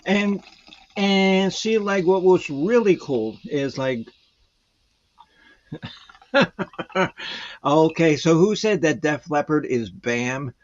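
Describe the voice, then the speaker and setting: A man's voice: on the high side, animated, takes it slowly, long pauses, highs cut off. A man guest chatting casually in a rambling, hesitant way, full of fillers. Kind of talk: casual chat.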